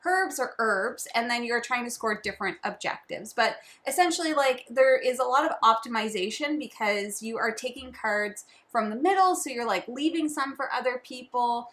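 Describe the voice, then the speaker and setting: A woman co-hosting a casual board game chat, playful and chatty with quick asides. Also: a little high, fairly bright tone. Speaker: co-host.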